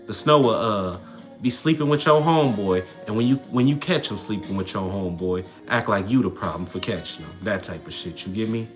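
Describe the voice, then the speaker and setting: A man's voice: fairly low pitch, brisk, faint music behind. A young man, hosting a casual livestream and answering comments in a brash, slangy, trash-talking way. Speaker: livestream host.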